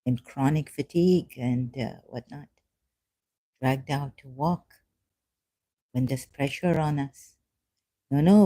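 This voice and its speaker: Slow, very dark-voiced rambling vlogger. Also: medium pitch, dry recording. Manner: sarcastic, halting, with frequent fillers; self-mocking, laughs often. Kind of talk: rambling monologue.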